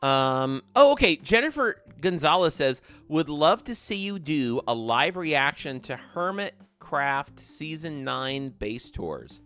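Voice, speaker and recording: A man hosting a gaming livestream, chatting casually and warmly thanking viewers by name as he reads their comments. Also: on the high side, sing-song, slow pace, few pauses, clear, resonant tone, faint music behind. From American South.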